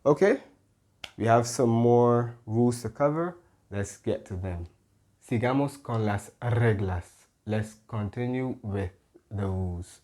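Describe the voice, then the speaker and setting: A man's voice: mid-range voice, dark tone. A man teaching a Spanish lesson, patiently explaining rules, checking in with "okay?" and correcting himself as he goes. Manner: pauses and corrects himself mid-sentence. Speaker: Spanish tutor.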